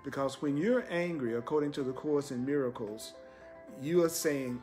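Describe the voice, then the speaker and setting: A man gives a spiritual teaching on a live stream, hammering his points home through repetition and laughing easily. His voice sits a little high for a man. Soft music plays faintly in the background. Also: moderate pace. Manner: emphatic, repeats phrases, laughs often.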